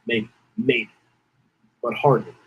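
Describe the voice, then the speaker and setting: A man talks slowly on his podcast, telling a casual, wandering story in which he repeats himself and struggles not to cry. The audio sounds narrow and tinny.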